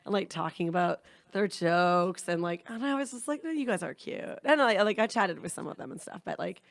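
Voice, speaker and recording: A woman's voice: on the low side, brisk, no echo. A young woman from Canada, co-hosting a podcast and telling a long rambling story in casual chat, swearing now and then. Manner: rambling, animated anecdotes with frequent swearing. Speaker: podcast co-host.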